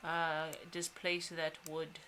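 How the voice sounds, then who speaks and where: A woman's voice: low voice, monotone, takes it slowly, over music. A woman co-hosting a casual gaming stream, reading viewer comments aloud and swearing casually. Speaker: co-host reading chat. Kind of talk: casual chat while gaming.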